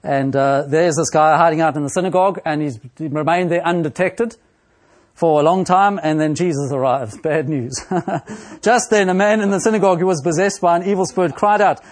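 A male preacher giving an expository sermon, speaking slowly and deliberately with frequent pauses and fillers, and quoting scripture in a raised, animated voice. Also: a little high.

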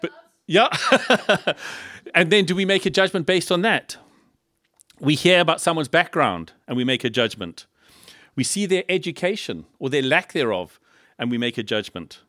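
A man's voice: a little high, moderate pace, no room sound. Guy preaching, tons of rhetorical questions and little jokes, dry close sound. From South Africa. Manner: lively, rhetorical questions and humorous asides. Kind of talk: sermon. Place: church in Liverpool.

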